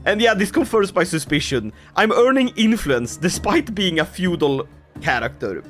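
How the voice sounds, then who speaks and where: A man giving theatrical, excitable strategy gameplay commentary, laughing often. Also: high-pitched, normal speed, soft background music. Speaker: gaming video creator.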